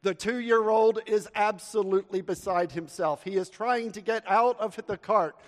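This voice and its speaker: A high-voiced pastor speaks to his congregation in a warm storytelling tone that moves between earnest prayer and a joke-told anecdote. His voice echoes with the long reverb of a church hall. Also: moderate pace. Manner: earnest, storytelling with audience call-and-response. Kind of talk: sermon with prayer and humorous anecdote. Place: church sanctuary.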